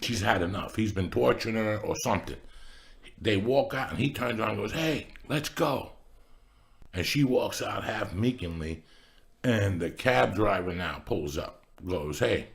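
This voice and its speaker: Podcast host, middle-aged man, low gravelly voice, animated storyteller. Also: moderate pace. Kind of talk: casual storytelling.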